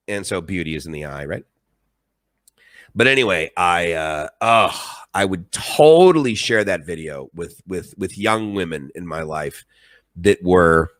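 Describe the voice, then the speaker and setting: A man's voice: low voice, lively intonation, a little slow, long pauses, fairly bright tone, dry recording, studio quality. A middle-aged man telling stories on a live stream in a rambling, emphatic and emotional way. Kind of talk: casual live-stream monologue.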